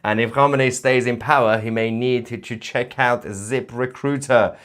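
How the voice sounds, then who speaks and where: A man's voice: medium pitch, fairly even intonation, moderate pace, a bit bright. A man hosting a livestream, reading viewer comments aloud and joking between them with frequent laughs. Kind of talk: casual live-stream commentary.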